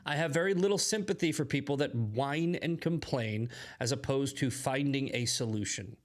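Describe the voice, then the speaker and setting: A man's voice: medium pitch, normal speed. A man hosting casual political commentary, blunt and conversational, often checking in with "okay". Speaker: host.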